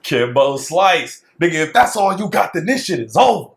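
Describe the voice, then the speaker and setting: A man in casual chat, cutting in with quick jokes and laughing along. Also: fairly high pitch, very animated, gravelly. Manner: joking interjections, laughs along. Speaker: podcast co-host.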